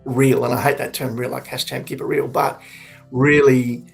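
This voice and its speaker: A man in his forties giving candid, earnest personal testimony, reflective and halting with frequent restarts. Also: mid-range voice, level tone, creaky, soft background music. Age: 40s. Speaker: suicide prevention speaker.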